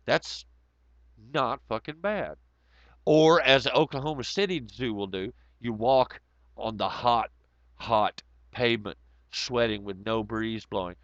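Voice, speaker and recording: Gravelly, swearing livestream host. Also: male voice, medium pitch, measured pace, fairly bright tone, no room sound. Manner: profane, rambling, sarcastic. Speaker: livestream host reading chat. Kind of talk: casual livestream chat. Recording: dull lo-fi audio.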